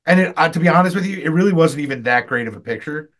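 A fairly high-voiced man rambling through convention stories on a podcast, cursing freely. His voice jumps way up when he acts out what he said. Casual, loose chat. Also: very fast. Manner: animated, swearing, loud jumps when quoting himself. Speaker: podcast co-host.

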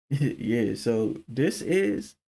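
Raspy young man, gravelly storyteller. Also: medium pitch, extremely slow. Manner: animated storyteller, slangy and profane. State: hoarse throat. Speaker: podcast co-host. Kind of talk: casual chat.

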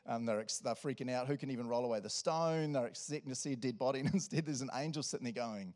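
A man preaching a sermon, animated and laughing often. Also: medium pitch, fast talker. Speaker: pastor.

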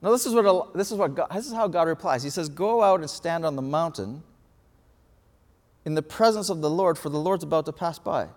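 A man preaching a sermon, telling a story with lively acted-out quotes. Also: on the high side, a little fast. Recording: reverberant hall.

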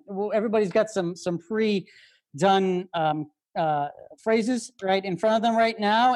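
A woman's voice: medium pitch, darkish tone. A woman hosting an improv comedy podcast, running the scene and setting up the games. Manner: running the scene, quick asides. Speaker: host.

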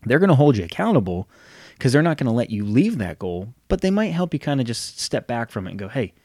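A man's voice: mid-range voice, very animated, quick pace, darkish tone, dry recording, studio quality. A man in his thirties talking casually about fitness goals, giving motivational tips and acting out what friends might say. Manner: conversational, acts out quoted friends.

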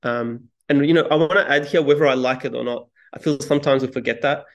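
A man being interviewed as a guest, telling a story in a calm, measured way with small restarts. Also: mid-range voice. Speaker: podcast guest, speaking coach. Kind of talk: reflective interview talk.

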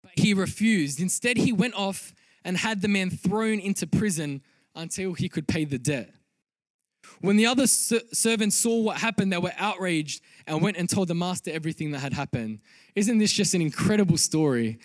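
Pastor, male, higher voice, earnest sermon delivery that swells to loud emphatic peaks. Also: animated, normal speed, dry recording.

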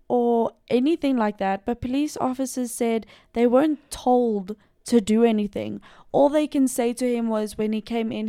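A young South African woman tells a true-crime story in a relaxed, chatty podcast style, full of fillers and side comments. Her voice is on the high side and mellow, recorded dry with studio quality.

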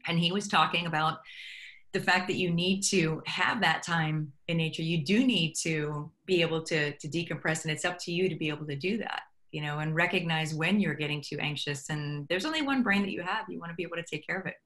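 A middle-aged woman talks as a guest in a relaxed interview, her tone bright and forward though her pitch sits on the low side. She tells stories easily and slips into the voices of people she quotes. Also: brisk. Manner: animated storyteller acting out quoted dialogue. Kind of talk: conversational interview.

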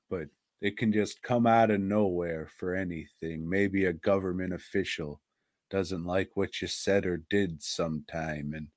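Slow, low-voiced blunt man. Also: dry recording, clean studio sound. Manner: blunt, profane ranting. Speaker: podcast co-host. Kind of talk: casual podcast chat.

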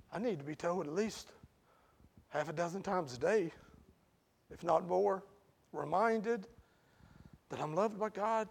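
With a high-pitched, creaky, slightly rough voice, a man delivers a sermon conversationally. He poses questions to the congregation and builds to loud, emphatic peaks.

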